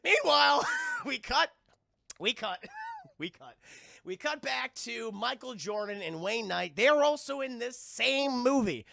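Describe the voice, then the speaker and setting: A man giving a casual live-stream spoiler review of a film, profane and animated, with many restarts. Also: very high voice, unhurried, vocal fry, no echo, clean studio sound.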